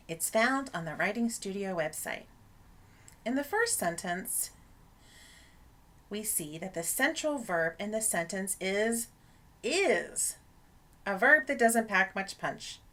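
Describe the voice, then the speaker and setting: A woman's voice: mid-range voice, fairly bright tone. Woman narrating a writing lesson. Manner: clear, explanatory teaching tone. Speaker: writing instructor. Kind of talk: scripted instructional narration.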